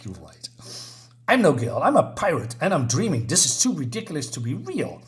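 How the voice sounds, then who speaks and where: A man with a fairly high, very lively voice talks through a comic book story in a relaxed, chatty way. He narrates the panels and reads the characters' lines aloud in playful voices. He giggles now and then as he goes. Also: moderate pace, faint music behind. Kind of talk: casual comic review, reading panels aloud.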